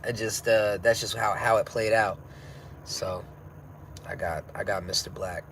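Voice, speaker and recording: A man's voice: on the low side, steady tone, measured pace, fairly bright tone, slight background noise, low-quality recording. A man in his thirties hosting a casual livestream, talking in a laid-back, rambling way full of slang and swearing. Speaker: livestream host.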